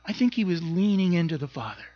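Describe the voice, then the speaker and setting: Male pastor, high voice, earnest and emphatic, dry and slightly muffled sound. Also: very animated, fast, breathy edge, no echo. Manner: earnest, emphatic, often repeating words as he goes. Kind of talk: sermon.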